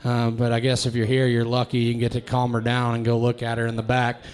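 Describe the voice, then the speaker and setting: Halting man talking pigs ringside. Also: mid-range voice, monotone, a little mellow. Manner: halting, many fillers and restarts. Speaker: livestock sale breeder presenting pigs. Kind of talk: casual ringside sale talk. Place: sale tent ringside.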